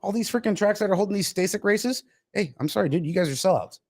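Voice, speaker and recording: Guy ranting on his podcast, higher voice, pitch jumping all over, cussing a lot. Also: expressive, fast talker, a little mellow. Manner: profane, heated ranting. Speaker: podcast host. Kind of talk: casual chat.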